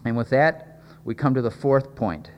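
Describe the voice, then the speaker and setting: A man preaching a sermon, earnest and halting, often repeating words and pausing with fillers. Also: medium pitch, animated, a little mellow. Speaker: pastor. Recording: hall reverb.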